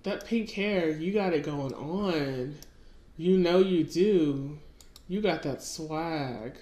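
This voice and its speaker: The recording is muffled, capturing a woman with a deep, dark voice who speaks slowly. A chatty let's-play gamer, she casually comments on her gameplay and talks to her characters in an echoey room with faint music.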